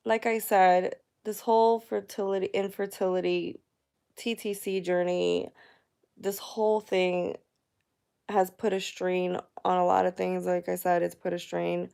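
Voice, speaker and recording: Candid gravelly-voiced woman vlogging. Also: mid-range voice, mellow. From United States. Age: 30s. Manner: candid, emotional, chatty with many fillers. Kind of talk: personal vlog talking to viewers. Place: at home.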